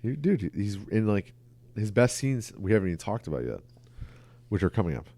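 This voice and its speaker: A man on a casual podcast rambles through movie plots with a swinging, animated pitch, dropping swear words along the way. His voice sits on the low side, and the recording is close and dry, with no room sound. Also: a little fast, no room sound. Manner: rambling, swears freely, lively retelling. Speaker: podcast co-host. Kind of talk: casual film discussion.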